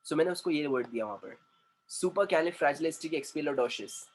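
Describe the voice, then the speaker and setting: A man with an Indian accent teaching an English lesson, who repeats words slowly and switches into Hindi to explain. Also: fairly high pitch, expressive, rough recording. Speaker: communication trainer.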